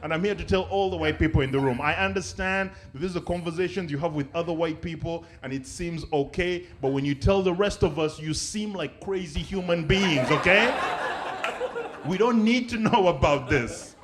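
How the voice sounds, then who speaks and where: Man from Africa, stand-up comic, high-pitched, animated, does voices. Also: moderate pace. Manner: animated, acts out voices of people he describes. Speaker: comedian. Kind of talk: stand-up comedy.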